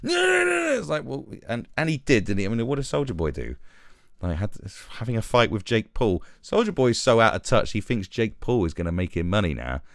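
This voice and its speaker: Sarcastic British man with gravelly voice. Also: lowish voice, a little fast, no echo, clean studio sound. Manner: animated, sarcastic, mocking. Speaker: live stream host. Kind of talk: casual commentary rant.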